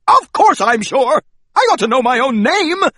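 Guy putting on a high squeaky stressed-out mouse, yelling, voice jumping all over. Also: huge pitch swings, normal speed, husky, no room sound, studio quality, exaggerated voice. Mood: exasperated. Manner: squeaky, exploding into shouted outbursts. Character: fussy, frazzled male mouse traveler. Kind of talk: storybook reading.

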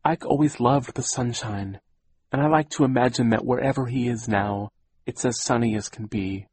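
A man's voice: mid-range voice, normal speed, a little mellow, husky, lightly acted. A man voicing a fussy, anxious older widowed aunt who gets teary and speaks very properly, in an audiobook reading. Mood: tearful.

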